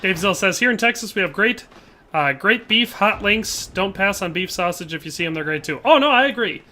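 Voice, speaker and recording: Chatty young man with a bright voice. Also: high voice, lively intonation, fairly quick. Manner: chatty, laughs often, trails off mid-sentence. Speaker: livestreamer. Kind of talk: casual gameplay commentary reading chat. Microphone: headset.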